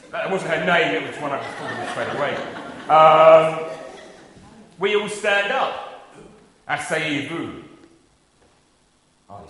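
A man's voice: on the high side, sharp tone. A man from South preaching a sermon, telling a personal story with self-deprecating humor. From South London, England. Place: church. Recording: echoey church with long reverb.

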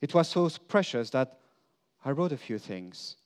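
An earnest man delivers a sermon as a first-person dramatic monologue, speaking as an apostle. His pace is slow and unhurried, and he lets emphatic declarations fall away into quiet, confessional moments. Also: medium pitch, sing-song, clean tone. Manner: earnest storytelling, swinging between emphatic lines and hushed confession.

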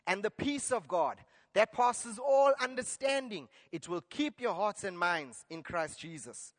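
A man's voice: high-pitched, lively intonation, a little slow. A man preaching a sermon, earnest and exhorting, now and then restarting a phrase. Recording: long hall reverb.

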